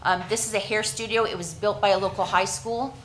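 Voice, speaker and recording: A woman's voice: medium pitch, steady tone, fairly quick, a bit bright, slight background noise, rough recording. Earnest Canadian woman presenting to council. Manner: earnest, with many restarts and fillers.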